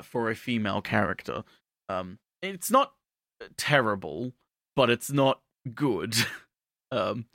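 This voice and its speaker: A man's voice: mid-range voice, sharp tone, no echo, studio quality. A man co-hosting a casual podcast, talking in a hesitant, wry way with lots of ums and uhs. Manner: hesitant, filler-heavy, wry. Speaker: podcast co-host.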